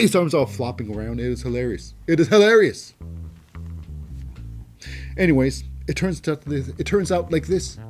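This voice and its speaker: A man's voice: medium pitch, dark tone. A man hosting a wrestling show, giving a casual, rambling recap with many fillers and restarts.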